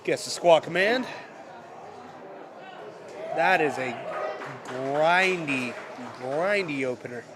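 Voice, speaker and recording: A man with a congested voice commenting live on a powerlifting meet, with relaxed, self-correcting play-by-play and dry asides. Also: fairly high pitch, takes it slowly, long pauses, crowd noise. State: congested from a cold.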